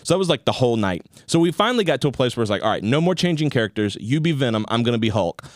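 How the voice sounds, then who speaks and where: A young man co-hosting a casual talk show, telling animated stories and acting out quotes. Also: medium pitch, racing, no echo, studio quality. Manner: animated storyteller, acts out quotes. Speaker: podcast co-host. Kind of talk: casual chat.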